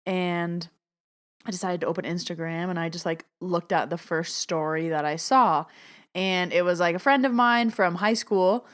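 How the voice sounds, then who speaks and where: A woman hosting her own podcast as a psychic medium, telling personal stories in a chatty way, full of "like" and acted-out quotes. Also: normal speed. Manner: chatty, lots of "like", acts out quotes with big pitch jumps. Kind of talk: casual storytelling monologue.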